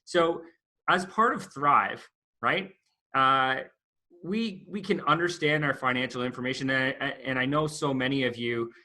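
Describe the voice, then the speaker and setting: A man's voice: medium pitch, unhurried, sharp tone. A man who is an accountant, a guest on a podcast, explaining business finance steadily and repeating key points.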